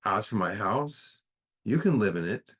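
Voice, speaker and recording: A man's voice: on the low side, expressive, measured pace, fairly bright tone, husky, exaggerated voice. A man voicing a bargaining God. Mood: tender. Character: stern yet loving God, male, all-powerful.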